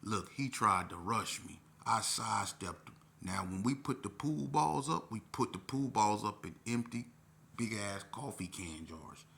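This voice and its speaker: Forceful low-voiced man telling a story. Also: a little slow, creaky. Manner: profane, animated, conversational. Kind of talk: casual storytelling monologue.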